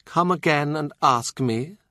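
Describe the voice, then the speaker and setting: A man's voice: fairly high pitch, measured pace, sharp tone, no echo, voice pushed up. A fervent young nun delivers solemn prophecies in a raised, otherworldly voice, as a male narrator puts her on. The audiobook reading is dry and close. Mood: calm.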